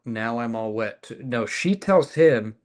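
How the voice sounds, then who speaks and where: A man's voice: mid-range voice, measured pace. A man co-hosting a podcast, talking casually and wryly about a comic book, thinking aloud. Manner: relaxed, wry, thinks aloud with fillers. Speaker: podcast co-host.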